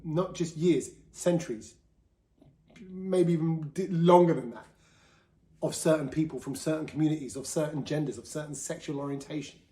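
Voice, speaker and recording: A man's voice: on the high side, a little mellow, echoey room. Chatty man. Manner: chatty, open, with quoted voices and laughs. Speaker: podcast host. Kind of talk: candid solo talk.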